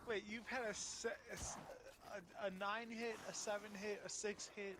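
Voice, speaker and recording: Curious guy on the call, high-pitched but mellow, faint hiss behind. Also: flat delivery. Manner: curious, asks quick questions. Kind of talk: casual chat while gaming.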